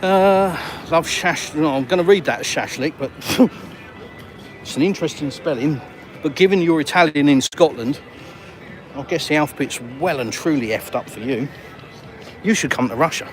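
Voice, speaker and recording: Soft music plays behind this Englishman as he walks an urban seafront street and talks to his phone camera. It's a relaxed walk-and-talk vlog, delivered at a normal pace in a fairly high voice full of cheeky banter and slang.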